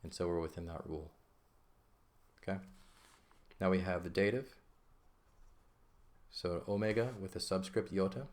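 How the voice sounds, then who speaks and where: Man, very low voice, patient classroom explainer, repeats himself, casual lesson. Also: moderate pace, pauses often. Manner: patient, repeats points, checks in with "okay?". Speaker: Greek teacher.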